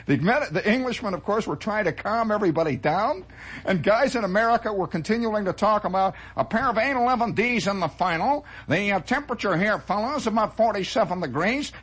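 A man's voice: high voice, animated, a little fast, a bit bright, breathy edge. A man telling a rambling story as a spoken monologue, with chuckling asides.

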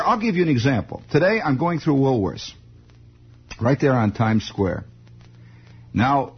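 A man's voice: mid-range voice, breathy edge. New guy on old late-night radio, lo-fi, voice swinging all over, wry and grumpy. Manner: wry, sardonic, mock-grumpy. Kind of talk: rambling monologue with sing-alongs.

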